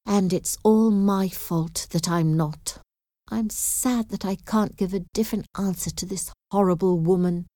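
A woman's voice: medium pitch, steady tone, measured pace, mellow, dry recording, studio quality, natural voice. A woman reading aloud voices a spirited young woman who speaks earnestly and firmly. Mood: sad. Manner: firm, earnest.

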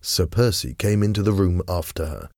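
A man narrating a story in a measured, even reading voice. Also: low-pitched, no room sound, clean studio sound.

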